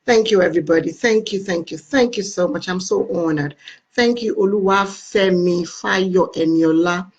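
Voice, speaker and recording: A woman's voice: fairly low pitch, normal speed, highs cut off. A woman with a Nigerian accent hosting a casual live stream, effusively greeting and thanking her viewers.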